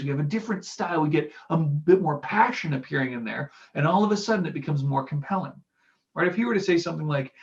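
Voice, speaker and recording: A man's voice: on the high side, a little fast, gravelly, lo-fi sound. A man giving casual analytical commentary on public speaking, now and then acting out example lines to show delivery. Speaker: speaking coach commenting on clips.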